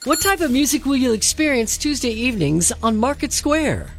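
A woman reads quiz questions quickly and clearly on a radio show. Her voice sits a little high with a lively pitch. Faint music plays under her. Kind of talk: reading quiz questions on air.

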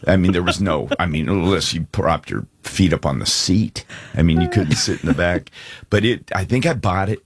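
A middle-aged man hosts a devotional radio show, spinning a lively personal story before moving into scripture. His voice is very low and a little husky. The studio sound is close and dry. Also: moderate pace, dry recording. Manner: animated storyteller, laughs often, does voices in quotes. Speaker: radio show host and speaker.

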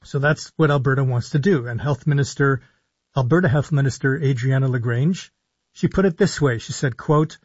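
A man, a physician hosting a live call-in radio show, explaining in a measured way with slow emphasis on key words. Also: medium pitch, slightly rough, no echo, highs cut off. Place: radio studio.

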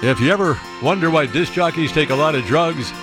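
A man's voice: on the high side, a little fast, over music. A man working as a radio disc jockey, bantering live and reading listener messages with playful, wisecracking asides.

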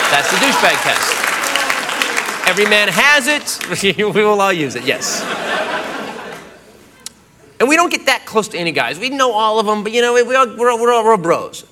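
A man doing a stand-up routine, ranting loudly in mock exasperation. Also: high voice, big pitch swings, normal speed, a loud crowd. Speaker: stand-up comedian. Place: comedy stage. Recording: live show with audience laughter and noise.

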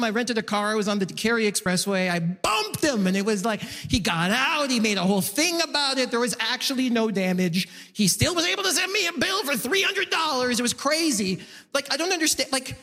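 A man doing a stand-up comedy set on stage, animated and exclamatory, acting out his own reactions. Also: very high-pitched. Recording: live room with long reverb.

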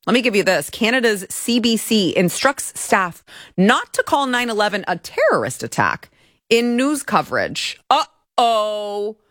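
A woman's voice: lowish voice, a bit bright, dry recording. A woman hosting a political commentary show in a studio, talking in a sarcastic, mocking way. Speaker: show host. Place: broadcast studio.

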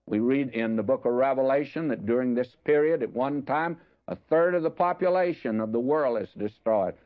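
Older preacher on a dull old recording. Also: male voice, lively intonation. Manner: reads scripture slower and higher, chatty asides. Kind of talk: sermon, Bible exposition.

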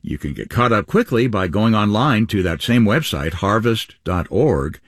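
A man co-hosting a radio ministry program, upbeat announcing with wide pitch swings. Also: animated, normal speed, breathy edge, no room sound, studio quality.

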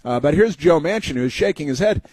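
A man's voice: a little high, lively intonation, a little fast, a little mellow, breathy edge, no echo. A man hosting a talk show, giving a rambling, sarcastic monologue full of fillers and restarts. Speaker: talk radio host.

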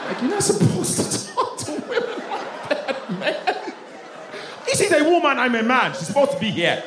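A man from Nigeria doing an animated, profane stand-up set on a comedy club stage, often laughing. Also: very high-pitched, moderate pace, reverberant, noisy background.

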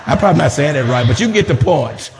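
A man's voice: a little high, animated, fast, noisy background. A male pastor preaching a sermon, building emphatic repetitions and slipping in humorous asides. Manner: rhythmic repetition, rising to emphatic peaks. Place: church sanctuary.

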